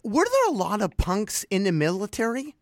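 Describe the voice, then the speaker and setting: Lively, eager male interviewer. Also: sits high, moderate pace, dry recording, studio quality. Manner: eager, curious questioning. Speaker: interviewer, host. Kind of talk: interview questions.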